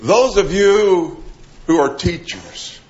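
A middle-aged man preaching a sermon, animated, acting out quoted voices and dropping to a soft voice for emphasis. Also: sits high, slow, highs cut off.

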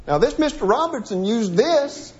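High-voiced man teaching from the Bible. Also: very animated, normal speed, darkish tone. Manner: reads quoted article aloud, then breaks it down with restarts. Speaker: preacher. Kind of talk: sermon-style Bible teaching. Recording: dull lo-fi recording.

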